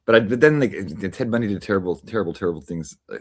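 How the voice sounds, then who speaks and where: A man's voice: fairly low pitch, lively intonation, rapid-fire, breathy edge. A man hosting a livestream, chatting casually and rambling with many fillers and restarts. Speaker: livestream host. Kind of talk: casual chat to a live audience.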